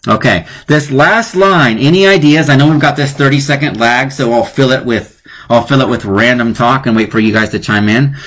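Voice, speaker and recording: A man's voice: mid-range voice, fairly bright tone. A man hosting a live online lesson, playful and chatty, often chuckling at his own jokes. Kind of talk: casual live-streamed lesson.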